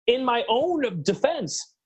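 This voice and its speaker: A man calling in as a guest to a casual video chat, explaining things in an animated, joking way. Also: extremely high pitch, slow, slightly rough. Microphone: video call.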